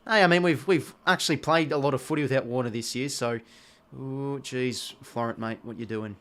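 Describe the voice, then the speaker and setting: Speaking fairly quickly at medium pitch, an Australian man shouts at players and swears freely while casually calling a football match on a live watch-along stream.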